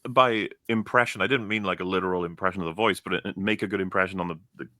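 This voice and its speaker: A man's voice: low voice, fairly even intonation, quick pace, sharp tone, no echo, studio quality. A man chatting on a podcast panel with wry, laid-back comments. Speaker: panel guest. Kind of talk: casual panel chat.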